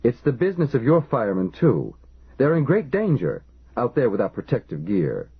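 A man's voice: mid-range voice, huge pitch swings, moderate pace, slightly rough, voice pushed up, full character voice. A man voicing an insistent, worried male engineer who presses his warnings urgently. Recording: lo-fi phone-like audio.

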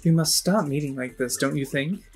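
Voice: medium pitch, moderate pace, husky. A streamer voicing a sly flirting mouse thief. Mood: teasing. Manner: teasing, coy.

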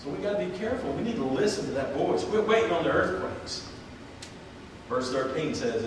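A man's voice: on the high side, animated, brisk, noisy background. A man preaching a sermon as pastor, earnest and folksy, with plain everyday grammar, reading scripture aloud in old-fashioned wording. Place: church sanctuary. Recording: echoey church hall, voice from far off.

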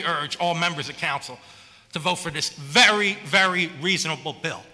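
A man's voice: a little high, brisk, pushed and bright, big-room sound. A city councilman giving an impassioned, plainspoken floor speech before a vote, pressing his case with repeated rhetorical questions into a podium microphone.

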